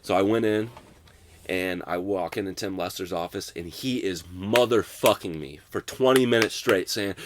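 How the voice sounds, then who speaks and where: A young man in his twenties telling a long personal story in casual conversation, filling every pause with "like" and swearing freely. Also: sits low, background noise. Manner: rambling, fills with "like", profane. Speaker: guest.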